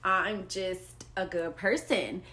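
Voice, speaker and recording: A woman speaking as a mother in a personal vlog monologue, slow and emphatic, repeating phrases for weight and sometimes dropping to a near whisper. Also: fairly low pitch, fairly even intonation, bright, forceful tone. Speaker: mother sharing personal experience.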